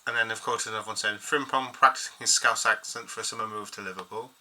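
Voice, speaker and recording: A man's voice: lowish voice, steady tone, quick pace, bright, forceful tone, low-quality recording. A man hosting a football fan channel, chatting casually and reading bits of an article aloud in a rambling way. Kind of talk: casual solo commentary.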